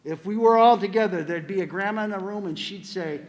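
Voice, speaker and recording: A man's voice: high-pitched, brisk. Older man giving a hall speech. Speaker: school administrator giving a speech. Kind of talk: ceremony speech.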